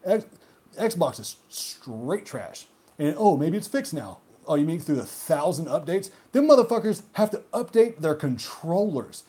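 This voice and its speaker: A man hosting a gaming video who rants heatedly and profanely, swinging between loud outbursts and muttered asides. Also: on the high side, very animated, a little slow, breathy edge. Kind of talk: solo rant monologue.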